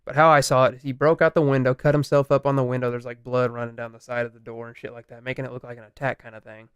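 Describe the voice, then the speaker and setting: A young man co-hosting a podcast, retelling a story in casual chat, animated, swearing and laughing. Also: mid-range voice, very fast, clear, resonant tone, dry recording, muffled recording. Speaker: podcast co-host.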